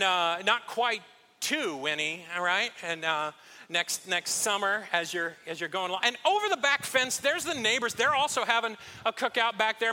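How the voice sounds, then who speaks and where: A man's voice: very high voice, pushed and bright, in a large hall. A man preaching a conversational sermon as pastor, acting out little scenes and poking fun at himself. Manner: conversational, self-deprecating, acts out little scenes.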